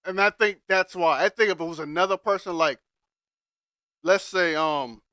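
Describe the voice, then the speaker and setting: A man co-hosting a podcast, giving animated, slangy opinions in casual chat. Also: high-pitched, normal speed, dry recording, clean studio sound. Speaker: podcast co-host.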